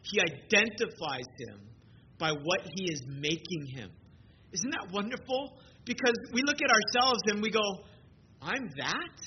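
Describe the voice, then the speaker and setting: A man's voice: sits high, moderate pace. A man preaching a sermon in an earnest, conversational way, often repeating words as he talks. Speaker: pastor. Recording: dull lo-fi recording with steady background noise.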